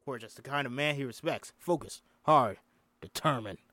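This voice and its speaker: Brief: casual male script reader, mid pitch, dry close mic. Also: normal speed, bright, forceful tone, no room sound. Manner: reads plainly, breaks off with joking asides. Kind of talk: casual script read-through with asides.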